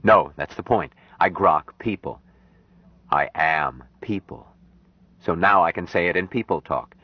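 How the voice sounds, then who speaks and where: A man reading an audiobook, voicing a calm grown man raised apart from people, speaking slowly and earnestly. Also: sits low, breathy edge, no echo. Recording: dry, dull lo-fi audiobook recording.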